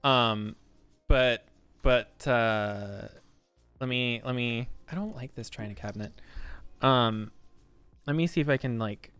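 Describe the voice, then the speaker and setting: A man's voice: medium pitch, slow, long pauses, a bit bright, clean tone, no echo, faint music behind. A man streaming a life-sim game, rambling and thinking aloud with lots of fillers, his voice a little worn from talking long. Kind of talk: casual gameplay commentary.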